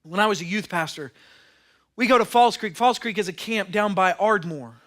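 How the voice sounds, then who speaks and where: A man's voice: high-pitched, moderate pace, a bit bright. A man, preaching a sermon as pastor in an earnest, storytelling way.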